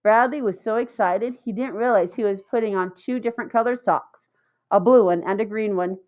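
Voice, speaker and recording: Female audiobook narrator, steady storytelling read; lo-fi, slightly dull recording. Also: mid-range voice, brisk. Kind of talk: scripted narration.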